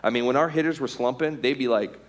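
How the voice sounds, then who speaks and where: A middle-aged man tells a story from his playing days as a testimony to a crowd. His mid-pitched voice rises and drops as he acts out what people said, with lots of "like" and "right?" in between. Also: fast. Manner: animated, acts out scenes in quoted voices, many "like" and "right?". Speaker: former pro baseball pitcher giving a testimony.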